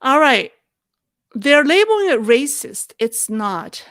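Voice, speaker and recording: Slow-talking woman host, dry close sound. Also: sits high, big pitch swings, no echo. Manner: thoughtful, halting, with restarts and soft laughs. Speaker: host of a live Q&A show. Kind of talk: live chat answering viewer questions.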